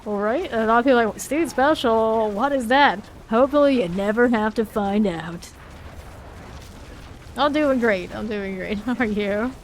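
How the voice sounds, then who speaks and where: A woman's voice: medium pitch, moderate pace, slight background noise. A woman casually commenting while streaming a video game, chatting with viewers and laughing often. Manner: chatty, reads chat aloud, laughs often.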